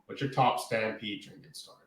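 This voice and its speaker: A man's voice: on the low side, steady tone, a little fast, a bit bright, echoey room, low-quality recording. A man co-hosting a podcast, asking questions in laid-back casual chat. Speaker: podcast co-host.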